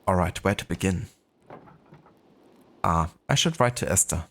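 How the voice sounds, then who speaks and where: A man with a German accent voicing an earnest, determined young woman artist, reading game dialogue aloud in a steady, plain way. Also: sits low, measured pace, slight background noise, exaggerated voice.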